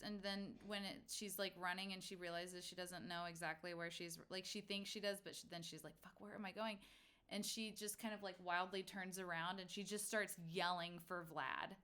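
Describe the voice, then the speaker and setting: A woman at a tabletop game, talking in a mid-pitched voice. She rambles excitedly through her character's actions, full of fillers and casual swearing. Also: normal speed, few pauses, smooth. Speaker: player. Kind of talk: casual tabletop role-play.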